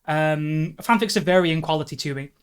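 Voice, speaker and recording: A woman's voice: deep voice, normal speed, smooth. British streamer lady, rambly, laughs at herself a lot, chatting live. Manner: self-deprecating, rambling, laughs often. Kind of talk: casual live-stream chat and reading.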